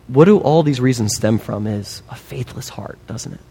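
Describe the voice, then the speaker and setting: A man preaching a sermon, emphatic and animated, with humorous asides. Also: mid-range voice, moderate pace, husky, in a large hall. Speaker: pastor.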